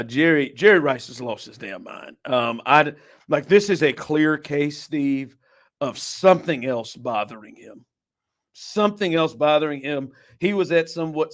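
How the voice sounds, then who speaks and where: A man hosting a casual sports talk show, animated and incredulous, laughing often and packing his talk with fillers. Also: a little high. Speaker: podcast host.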